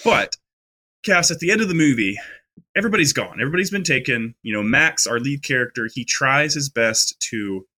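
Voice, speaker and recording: A man's voice: mid-range voice, lively intonation, brisk, pushed and bright. A man co-hosting a podcast, talking casually about a horror film with lots of fillers and restarts. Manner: chatty, many fillers and restarts. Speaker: podcast co-host.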